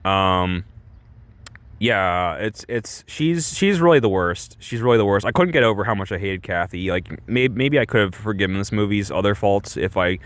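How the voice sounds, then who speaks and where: Ein lässig plaudernder Mann, der viel flucht. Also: male voice, lowish voice, normal speed, a bit bright, no echo. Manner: rambling, full of restarts and fillers, swears freely. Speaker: movie reviewer. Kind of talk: casual spoken movie review.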